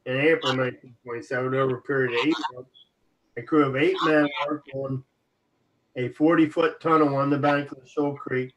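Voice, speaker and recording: A man co-hosting an internet radio show, reading articles aloud and sometimes stumbling over words. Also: medium pitch. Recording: dull lo-fi audio with steady noise.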